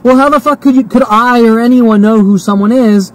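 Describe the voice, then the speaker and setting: A man's voice: very high voice, fairly quick, rough recording. A man in his forties ranting to camera in a heated, repetitive monologue, swearing often and hiccuping and burping as he talks. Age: 40s. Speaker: vlogger.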